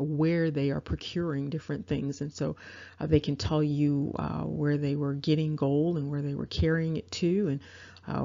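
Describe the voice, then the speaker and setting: A woman giving a measured, explanatory lecture over a map, with frequent fillers. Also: low-pitched, vocal fry, mellow. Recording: dull lo-fi audio.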